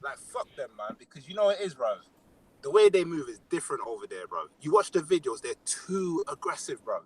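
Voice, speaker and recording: A man's voice: a little high, brisk, crowd noise, low-quality recording. A young man with a London accent chatting casually on a podcast, telling stories with lots of slang fillers. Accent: London English. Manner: animated storytelling, heavy slang fillers. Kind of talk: casual chat.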